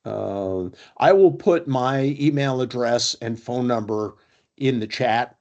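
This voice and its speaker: Brisk man presenting on a video call. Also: mid-range voice, a little mellow, lo-fi sound. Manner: brisk, storytelling, with fillers. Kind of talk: online workshop talk.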